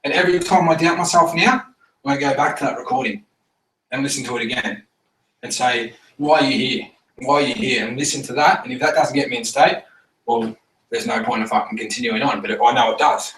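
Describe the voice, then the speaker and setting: A man telling stories to a group in a casual, animated way, laughing often and swearing freely. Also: mid-range voice, brisk, recorded from a distance. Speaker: team member giving a testimonial. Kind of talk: casual storytelling talk to a group. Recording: echoey room, recorded from afar.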